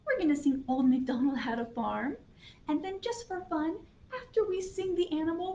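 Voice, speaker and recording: A children's librarian leading a toddler storytime, talking in an animated sing-song way with gasps of delight. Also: female voice, high-pitched, moderate pace, gravelly, echoey room, dull audio, a little hiss or hum. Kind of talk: toddler storytime with songs and picture books. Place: library program room.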